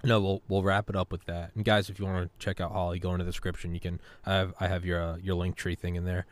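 This young podcast host has a deep voice and talks fast. Animated and casual, he curses without restraint and performs goofy voices for the lines he quotes.

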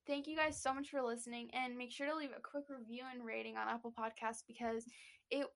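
A woman's voice: a little high, steady tone, a little fast, gravelly. A woman co-hosting a podcast in casual chat, chatty and giggly, saying "like" often. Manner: chatty, giggly, says "like" a lot. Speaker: podcast co-host.

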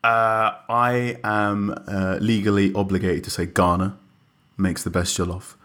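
A man reporting on the line for a sports show, explaining in a measured way with frequent pauses. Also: on the low side, level tone, fairly bright tone. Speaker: correspondent on the line. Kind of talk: explaining in a conversational interview.

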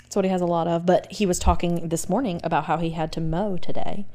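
A woman co-hosting a podcast, telling stories in a giggly, animated way. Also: fairly low pitch, fast. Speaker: podcast co-host. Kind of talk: casual chat.

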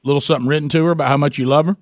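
A man's voice: fairly high pitch, fairly even intonation, racing, no room sound, studio quality. Folksy stammering radio host man. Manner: folksy, stammering, laughs often. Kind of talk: casual radio call-in banter.

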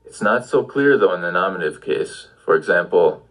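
A man's voice: sits low, animated, a little fast, poor audio. A man giving an audio language lesson, patiently prompting the listener with questions. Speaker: language teacher.

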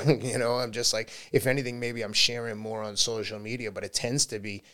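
A man's voice: medium pitch, little pitch movement, fairly quick, fairly bright tone, clean tone. A man, a marathon runner talking candidly as a podcast guest, laughing often. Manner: candid, laughs often, slips into quoted voices. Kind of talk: casual interview talk.

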